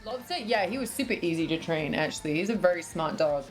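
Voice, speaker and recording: A young British woman, her accent softened by years in America, chatting casually on a livestream and reading out her chat. She giggles a lot, swears freely and coos at her dog. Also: on the low side, lively intonation, quick pace, faint music behind. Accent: British, partly American after years in the US. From Britain.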